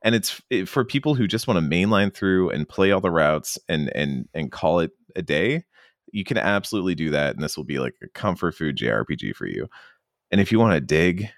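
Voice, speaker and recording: Deep-voiced enthusiastic man. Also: a little fast, no room sound, clean studio sound. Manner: enthusiastic, animated, often mimics characters. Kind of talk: casual game discussion podcast.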